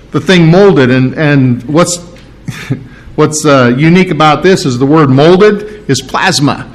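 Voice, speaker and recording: Middle-aged male pastor, slightly high voice, casual verse-by-verse sermon with emphatic repetition. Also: unhurried. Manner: conversational, with restarts and asides; emphatic on repeated phrases. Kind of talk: sermon, verse-by-verse Bible teaching.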